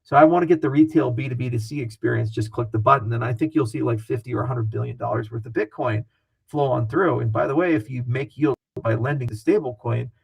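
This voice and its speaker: A man with a gravelly, rough-edged voice and a breathy, husky tone. He talks as a guest in a casual interview, animated and excitable, dropping profanity freely. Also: medium pitch, quick pace, low-quality recording.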